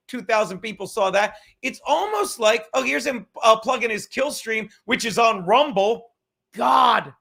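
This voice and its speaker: A man's voice: extremely high pitch, expressive, unhurried, vocal fry, bright, forceful tone. A man hosting a comedy podcast from his apartment, ranting in a profane, mocking, sarcastic way. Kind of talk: casual sarcastic rant. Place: home apartment.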